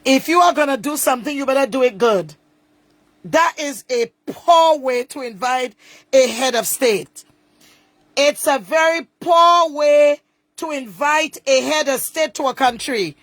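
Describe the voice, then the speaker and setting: A woman comments on a video, stirred up and indignant, circling back to the same complaints. Her voice sits high and unhurried, and the close, dry recording puts her right in the listener's ear. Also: a bit bright, dry recording. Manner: indignant, repeats herself for emphasis. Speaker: online commentator.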